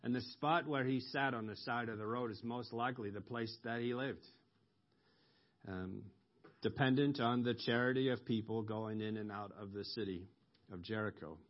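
A man preaching a sermon, explaining scripture slowly with pauses and ums, rising sharply when he quotes a cry for mercy. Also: medium pitch, steady tone. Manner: slow, explanatory, with ums and emphatic rises on quoted cries. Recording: dull lo-fi recording.

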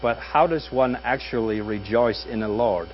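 Wry preaching man, dull hum-tinged audio. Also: mid-range voice. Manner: conversational and wry, with dry jokes and pauses. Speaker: pastor. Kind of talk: sermon.

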